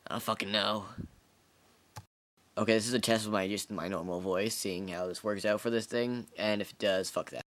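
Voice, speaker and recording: A man's voice: lowish voice, steady tone, normal speed, a bit bright. A young man rambling and swearing while goofing around, testing out voices. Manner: rambling, profane, goofy. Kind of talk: goofy voice testing.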